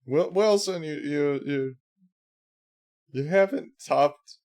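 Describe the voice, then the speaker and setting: A man hosting a live stream, casually reacting to a video with wry muttered asides and quick laughs. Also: fairly high pitch, darkish tone. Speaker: stream host.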